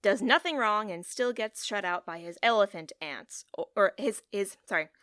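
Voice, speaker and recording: A woman's voice: medium pitch, lively intonation, moderate pace, fairly bright tone, clean tone, no echo. Woman co-host for a chatty podcast, giggly and rambling, recorded dry. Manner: giggly, rambling, pun-loving. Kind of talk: casual chat.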